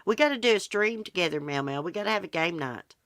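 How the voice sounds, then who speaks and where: A woman's voice: on the low side, animated, fast, a bit bright, no room sound, studio quality. A woman with an American country accent, hosting a livestream and chatting casually with viewers, rambling in a folksy way. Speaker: livestream host. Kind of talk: casual livestream chat answering viewer comments.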